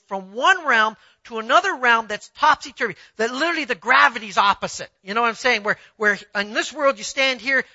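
A pastor preaching a sermon in a conversational way, telling personal stories and often asking the listeners if they follow, swinging between quiet asides and emphatic points. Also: mid-range voice, no room sound, muffled recording. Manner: conversational preaching, asks the audience "you see what I'm saying".

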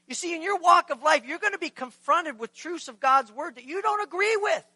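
In a very high voice, fairly quick and with few pauses, a pastor preaches a conversational sermon, posing rhetorical questions to the congregation. He acts out scripture dialogue in lively voices. There is no echo, but the audio quality is poor.

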